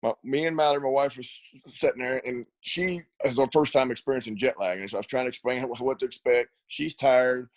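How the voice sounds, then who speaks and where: A man's voice: mid-range voice, steady tone, fairly quick, no echo, low-quality recording. A middle-aged man, an ATV racer, telling rambling stories in a casual interview, laughing often and repeating words. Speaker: ATV racer and riding school coach.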